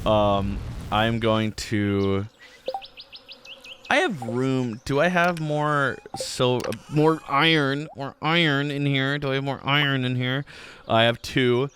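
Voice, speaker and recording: A man's voice: medium pitch, fairly even intonation, takes it slowly, a bit bright, a little hiss or hum. A man hosting a gaming channel, rambling casually through let's-play commentary with many filler words.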